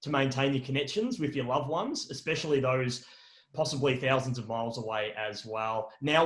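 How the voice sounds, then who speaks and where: Upbeat male host, echoey room. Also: medium pitch. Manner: upbeat, playful, theatrical. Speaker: podcast host. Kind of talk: scripted intro then interview questions. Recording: roomy echo.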